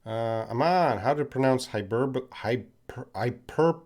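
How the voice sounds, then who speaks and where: A man from Canada, an English teacher answering viewers' questions on a live stream, explaining patiently and repeating words slowly for learners. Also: mid-range voice, darkish tone.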